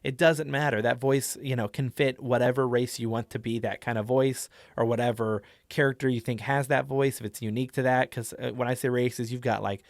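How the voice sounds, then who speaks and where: A man's voice: mid-range voice, fairly even intonation, brisk, hardly any pauses, dry recording, studio quality. Chatty man explaining tabletop voices. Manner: chatty, rambling, many fillers. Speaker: tabletop game teacher. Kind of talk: casual tutorial.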